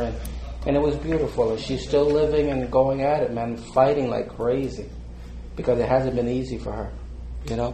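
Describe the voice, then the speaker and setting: A man's voice: medium pitch, mellow, slight background noise. An older man being interviewed, telling stories in a heartfelt, rambling way with many fillers and frequent laughter. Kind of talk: casual storytelling. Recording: roomy with faint background ambience.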